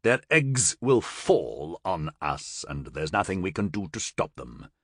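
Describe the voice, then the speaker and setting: A man voicing a solemn male master general who gives measured commands. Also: sits low, big pitch swings, gravelly, no room sound, studio quality, full character voice. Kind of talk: audiobook character voice.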